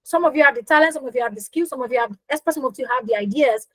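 A young woman teaching a live online business class in a high, bright voice. She speaks with emphasis, repeats key phrases for effect and keeps asking her listeners questions. The sound is close and dry, with no room around it. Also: racing, no room sound, rough recording. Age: young adult. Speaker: business coach hosting a workshop.

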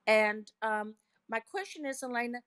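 An older woman, a grandmother, speaking earnestly and warmly as she sets up a question. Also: a little high, lively intonation, moderate pace, clean tone, no room sound, studio quality. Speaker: participant.

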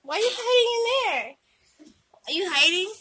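A woman's voice: very high-pitched, sing-song, moderate pace, background noise. A young woman playfully teasing and coaxing her small child at home while filming a casual vlog. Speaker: vlogger, mother. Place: home living room.

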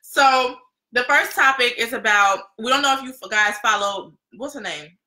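A woman's voice: fairly high pitch, moderate pace, bright, forceful tone, poor audio. A young adult woman co-hosting a live podcast, easygoing and chatty. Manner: easygoing, laughs often, chatty. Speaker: podcast co-host. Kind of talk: casual live podcast chat.

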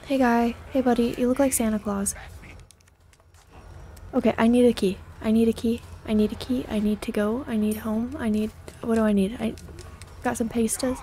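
A woman's voice: fairly high pitch, dark tone. A young woman giving casual let's play commentary in jittery, joking self-talk full of exclamations. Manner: jokey and self-deprecating. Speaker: gamer.

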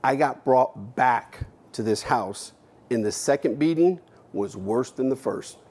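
A man from the United States giving a keynote speech. He tells a personal story bluntly, with casual swearing, and swings between hushed and emphatic delivery while acting out his own past words. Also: mid-range voice, lively intonation, measured pace, slightly rough. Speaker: keynote speaker. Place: stage at a university event.

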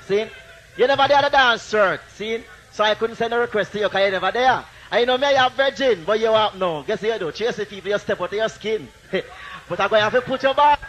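A man's voice: sits high, animated, fast, slight background noise. A man with a Jamaican accent toasting live as a sound system deejay, chanting rhymes and taunting a rival over the records. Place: dancehall sound system session. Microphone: handheld sound system mic. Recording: lo-fi 1980s live tape with loud music.

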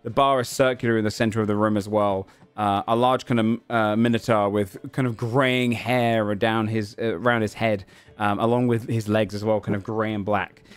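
A man's voice: on the low side, fairly even intonation, moderate pace, smooth. A man running a tabletop game as game master, describing scenes with lots of ums and uhs. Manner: rambling with many fillers.

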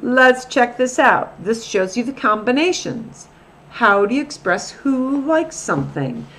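A woman's voice: fairly high pitch, sing-song, measured pace, fairly bright tone. A woman teaching a recorded grammar lesson as a Spanish teacher, patiently repeating example phrases.

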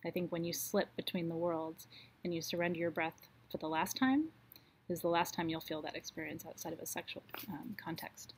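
Woman guiding a soft-spoken meditation. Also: on the low side, husky. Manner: slow, soothing, drops softer on affirmations. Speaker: spiritual teacher leading a live online ritual. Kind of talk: guided meditation and ritual talk.

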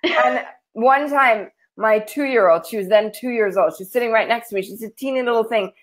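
A woman's voice: fairly high pitch, normal speed, rough recording. A woman hosting a casual livestream chat, talking in a chatty, rambling way with frequent laughs. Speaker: host.

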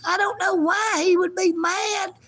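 A man's voice: extremely high pitch, steady tone, a little slow, sharp tone, voice pushed up, heavily acted. A man voicing a hurt female kitty cat, whimpering and complaining tearfully, outdoors at a park. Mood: whiny.

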